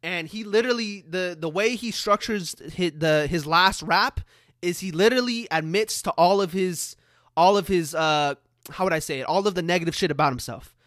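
A man's voice: sits high, moderate pace, a bit bright, no room sound, studio quality. A man giving a casual motivational monologue as a social media creator, blunt and profane, repeating himself for emphasis and talking straight to his viewers. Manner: addresses viewers directly.

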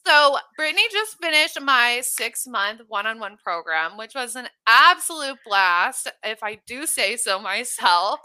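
A woman hosting a podcast in casual chat, bubbly and quick to laugh, swearing now and then. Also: a little high, very animated, pushed and bright, clear, resonant tone, no room sound. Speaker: podcast host and business coach.

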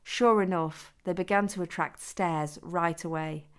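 A woman who is the author, reading her own adult story aloud in a steady, even manner. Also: lowish voice, a little slow, clean tone. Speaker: author and narrator.

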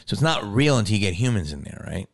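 A man tells a story in casual talk with a low voice that leaps high and drops back down. He swears freely and acts out the people he quotes in lively bursts. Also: fast talker, creaky. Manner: animated and profane, acting out quotes. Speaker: actor and comedian.

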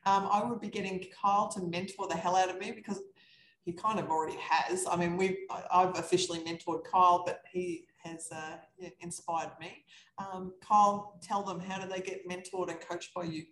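A woman coaching real estate investors, talking in a lively, animated way on a live podcast chat over a video call. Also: on the low side, moderate pace. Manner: energetic, animated storytelling. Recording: echoey room with faint background noise.

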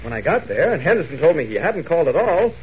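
A man's voice: fairly high pitch, sing-song, fast talker. An actor playing an earnest, mild-mannered male reporter in a 1940s radio drama. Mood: eager. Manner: eager, earnest. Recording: dull old radio recording, faint hiss.

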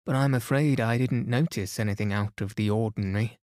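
A man's voice: fairly low pitch, brisk, a little mellow, no room sound, clean studio sound, close to an everyday voice. A man voicing a plainspoken young soldier in an audiobook, a little uneasy. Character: young male soldier back from Africa.

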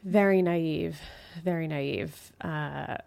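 A woman's voice: deep voice, slow pace, creaky. A woman co-hosting a podcast, chatting casually and animatedly as she recaps a TV episode. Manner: chatty, animated, acts out character quotes. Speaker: podcast co-host.

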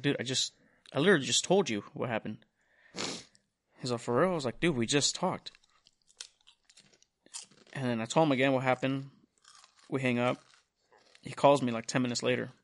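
A young man hosting a podcast, telling a long profane story in casual chat, acting out the other people's lines. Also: mid-range voice. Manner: profane, animated storytelling with quoted voices. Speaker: podcast host.

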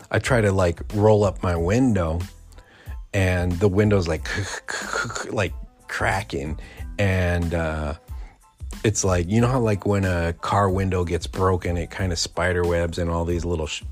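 Deep-voiced man rambling through a story. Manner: rambling, profane, laughs mid-story. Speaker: podcast host. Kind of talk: casual storytelling.

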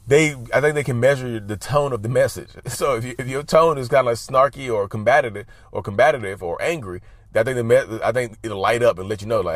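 Talking a little fast in a medium-pitched voice, this advice vlogger speaks casually to camera. He gives his viewers emphatic, repetitive advice and often calls them y'all, all in a dry recording.

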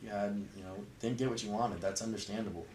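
A man's voice: lowish voice, fast, reverberant, distant mic, a little hiss or hum, poor audio. A young man chatting casually as an interview guest, rambling and filling his talk with "like". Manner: relaxed, rambling, heavy use of "like". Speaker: interview guest, fraternity member.

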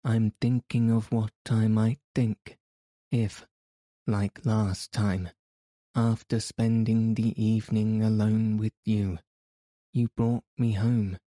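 A man voicing an exasperated middle-aged male theatre manager, cold and accusing in a measured way. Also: fairly low pitch, flat delivery, dark tone, no room sound, studio quality.

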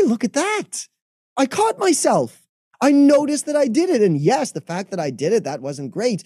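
A man who works as a mental health coach, explaining in podcast talk and acting out inner voices in quick asides. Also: on the high side, warm tone, slightly rough, no echo, studio quality.

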